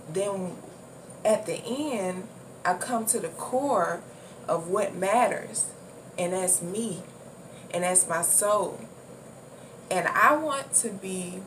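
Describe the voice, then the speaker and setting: A woman giving a casual spiritual talk in a loose, repetitive way, swearing now and then. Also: mid-range voice. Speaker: spiritual vlogger. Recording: distant mic with clear background noise.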